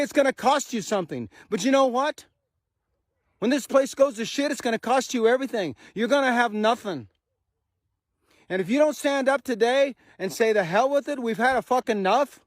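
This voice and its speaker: A man's voice: very high-pitched, expressive, normal speed, no room sound, studio quality. A man from Texas, giving an angry, rhetorical speech outdoors and swearing as he presses his point. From Houston, Texas, USA. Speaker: songwriter. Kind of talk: impassioned speech to camera. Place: outdoors on a farm.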